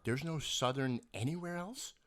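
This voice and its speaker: Lively New York man telling stories. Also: fairly high pitch, normal speed. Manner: animated storytelling, laughs often, slips into put-on accents. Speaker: podcast co-host. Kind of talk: casual chat. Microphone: podcast mic.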